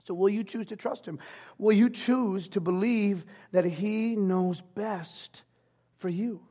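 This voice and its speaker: A male pastor in his thirties preaching a sermon, swinging from loud, animated passages to hushed, near-whispered ones. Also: sits high, slow.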